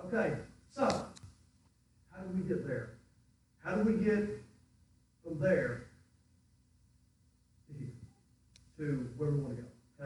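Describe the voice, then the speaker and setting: Male preacher, very high voice, fervent delivery, distant mic in a booming hall. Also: slight background noise. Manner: fervent, swings from quiet asides to shouting. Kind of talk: sermon. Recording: echoey hall from far off.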